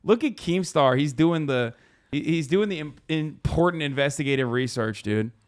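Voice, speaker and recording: A man hosting a casual live stream, reacting to posts with animated, profane commentary. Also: a little high, normal speed, smooth. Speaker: streamer host.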